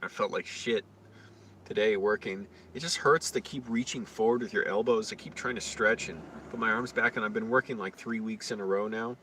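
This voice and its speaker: A man's voice: lowish voice, fairly quick, fairly bright tone, a little hiss or hum. A man talking to his own camera outdoors in a casual, rambling vlog, crude and complaining. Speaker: vlogger. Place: outdoors on the street.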